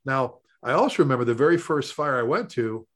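Middle-aged male firefighter, mid-pitched voice, lively rambling storyteller, casual podcast talk. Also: a little fast. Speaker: firefighter and paramedic. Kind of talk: conversational storytelling.

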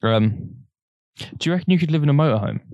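A young man, co-hosting a podcast and trading deadpan, teasing quips. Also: fairly high pitch, quick pace, dry recording, muffled recording. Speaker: podcast co-host. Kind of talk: crude casual banter.

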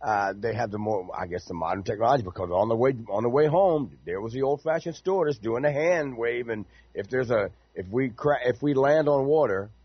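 A man hosting a morning radio show, telling stories in an excitable, chatty way. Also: mid-range voice, brisk, hardly any pauses, slightly rough, no room sound. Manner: animated, excitable storyteller. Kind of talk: casual morning radio chat. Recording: dull lo-fi dry studio sound.

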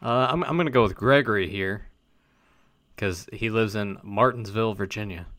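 A man's voice: on the low side, fairly bright tone, dry recording, clean studio sound. A man co-hosting a casual podcast, reading fan letters and giving wry, blunt opinions on them. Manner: wry, blunt, quick to call things bullshit. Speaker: podcast co-host.

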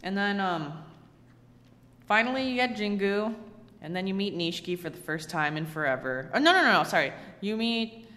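A co-host casually recapping a video game, excitable and quick to laugh, talking with many fillers. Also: medium pitch, big-room sound.

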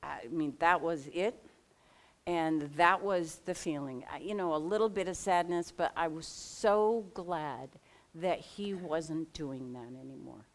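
Middle-aged woman telling a personal story, casual and candid, a bit low-pitched, lots of ums. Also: measured pace. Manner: candid, conversational, with fillers and restarts.

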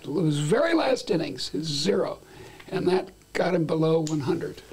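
A man's voice: a little high, very animated, a little slow, a little mellow, slightly rough. An older man as an interview guest, talking in a rambling, playful way with many restarts. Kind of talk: conversational interview.

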